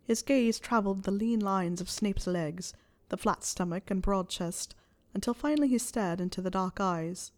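A woman reading fan fiction aloud in a soft, steady storytelling voice. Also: mid-range voice, normal speed. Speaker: reader.

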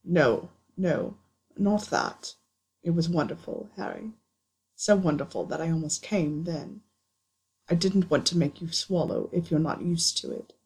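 Storybook role: grave older wizard, quiet and breathy, read by a woman. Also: low voice, animated, measured pace, exaggerated voice, rough recording. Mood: tender. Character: stern older wizard man, low and measured.

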